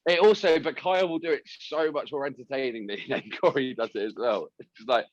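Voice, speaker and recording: A man co-hosting a relaxed podcast, laughing easily between his takes. His mid-range voice comes through muffled and dead dry, like a lo-fi call line. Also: mid-range voice, brisk, no room sound. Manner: laughs often, easygoing. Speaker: podcast co-host. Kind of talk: casual chat. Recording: dry, dull lo-fi sound.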